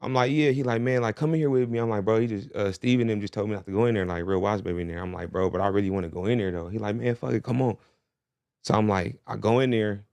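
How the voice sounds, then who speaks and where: A man talking quickly at a medium pitch, telling a story as a podcast guest. His sound is dry and close. He keeps checking in with "you feel me" as he goes. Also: no room sound. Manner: fast, animated storytelling full of "you feel me". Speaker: rapper guest.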